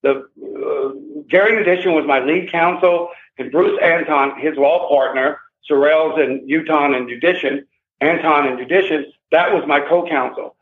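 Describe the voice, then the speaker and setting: An older man with a somewhat high voice speaks emphatically and with agitation, often repeating his words. He comes through a thin, tinny phone line with a hollow echo. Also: steady tone, moderate pace. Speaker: interview guest. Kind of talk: emotional first-person account.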